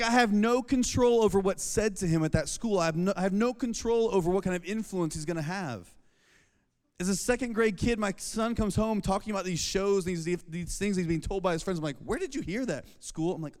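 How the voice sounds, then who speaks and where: A man, preaching a casual, jokey sermon to high school students and acting out family scenes. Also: darkish tone. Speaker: youth pastor. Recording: long reverb of a large hall.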